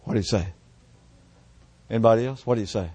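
An older man delivers a sermon at a church service, recounting his own story with fervent repetition. He sinks into hushed, near-whispered lines at the emotional peaks, and the recording is dry and close. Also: fairly low pitch, quick pace, no echo. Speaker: preacher. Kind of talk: sermon testimony.

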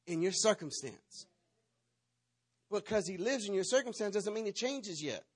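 A man's voice: sits high, lively intonation, moderate pace, pauses often, slightly rough. A man preaching a sermon, telling a playful, dramatic story and acting out the parts. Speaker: pastor.

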